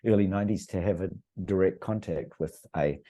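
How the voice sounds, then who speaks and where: A man's voice: deep voice, brisk, dark tone, dull audio. A middle-aged man, a podcast guest, talking in an earnest, rambling way with many restarts. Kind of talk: casual conversational storytelling.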